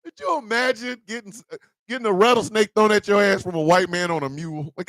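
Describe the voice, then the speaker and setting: A man hosting a radio morning show, telling a profane comedic rant in a loud, animated way. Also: high-pitched, fast talker. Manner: loud, animated, profane storytelling with mock voices.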